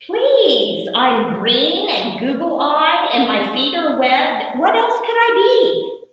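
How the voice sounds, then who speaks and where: An eager young male frog, innocent and hopeful, with a high voice that leaps all over the place, as a woman puts him on. He sounds small and wide-eyed. The voice comes from across a big, echoey, muffled room. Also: sing-song, takes it slowly, full character voice. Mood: excited. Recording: far-off echoey hall, muffled.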